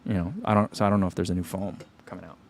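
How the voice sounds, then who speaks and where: A man's voice: sits low, little pitch movement, racing, a little hiss or hum. A man hosting a running channel, chatting casually on a livestream and answering viewer comments, rambling with lots of "like" and "you know.".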